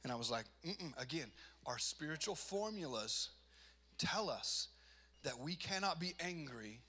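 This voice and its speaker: A man's voice: fairly high pitch, lively intonation, measured pace, bright, forceful tone, breathy edge. A man giving a personal testimony sermon, earnest and self-deprecating, building to emphatic, rising delivery. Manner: self-deprecating, laughs at himself.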